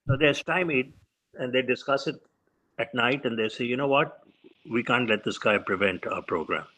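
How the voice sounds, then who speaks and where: A man in his seventies tells stories as an interview guest, and his voice rings bright and forward. He acts out the people he quotes and shifts his tone with each one. He speaks at a mid pitch, typical for a man. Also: moderate pace, rough recording. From India. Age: 70s. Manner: animated storyteller who acts out quoted voices. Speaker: guest physician. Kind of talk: storytelling in an interview.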